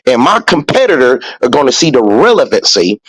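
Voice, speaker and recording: Male podcast host, lively pitch swings, dry close-miked sound, profane and preachy. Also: a little fast, breathy edge, dry recording, rough recording. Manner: profane, preachy, emphatic with repetition. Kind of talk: casual motivational podcast talk.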